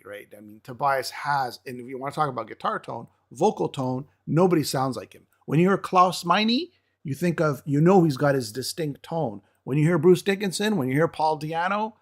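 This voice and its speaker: Slightly high-voiced guy geeking out over a song, explains the music, stumbles a bit. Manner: enthusiastic, explains the music, stammers at times. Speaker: co-host of a metal music show. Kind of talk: casual music review chat.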